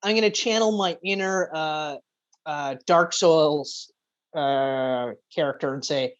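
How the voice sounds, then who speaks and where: A woman's voice: low-pitched, takes it slowly. Woman gaming podcaster, muffled audio. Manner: animated storyteller, swears casually. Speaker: podcast co-host. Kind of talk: casual gaming chat.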